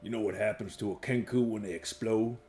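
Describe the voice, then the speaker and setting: A man's voice: fairly low pitch, brisk, vocal fry, darkish tone, faint music behind, voice pushed up. A man voicing an arrogant, menacing male cat shopkeeper in a tabletop role-play, with a taunting, threatening manner.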